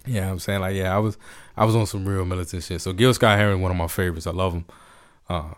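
A man from Washington, D.C. telling a story in casual, laid-back chat, profane and animated. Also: low voice, fast talker, clear, resonant tone.

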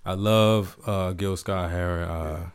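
A man from Washington, D.C. telling a story in casual, laid-back chat, profane and animated. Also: deep voice, slow pace, clear, resonant tone.

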